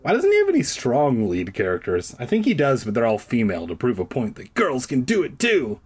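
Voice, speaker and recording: A man's voice: medium pitch, wildly swooping pitch, moderate pace, darkish tone, slightly rough. A man reading a children's horror book aloud, breaking off for crude, sarcastic asides. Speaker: reader.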